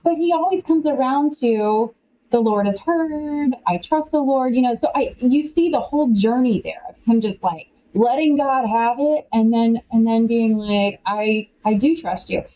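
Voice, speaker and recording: A middle-aged woman, an author and podcast guest, talking in an animated, chatty way with many quoted asides. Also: a little high, moderate pace, few pauses, muffled recording. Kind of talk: casual conversational interview.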